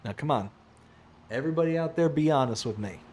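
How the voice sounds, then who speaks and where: Talking fast in a fairly high voice, a man streams a farming game live. His casual, animated banter with viewers is full of laughs and replies to their comments.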